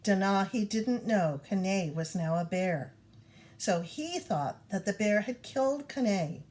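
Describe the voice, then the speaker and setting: Woman, storybook read-aloud, lively swooping intonation, mid pitch. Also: a little slow. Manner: expressive, animated storytelling. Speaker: reader.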